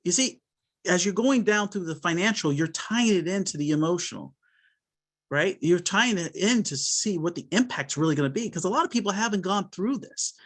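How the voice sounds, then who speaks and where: A fairly high-voiced man coaching salespeople on a training call. He talks earnestly and loosely, full of fillers and restarts, and slips into acting out what he says to clients. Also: expressive, moderate pace. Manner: earnest, conversational, many fillers and restarts, acts out client dialogue.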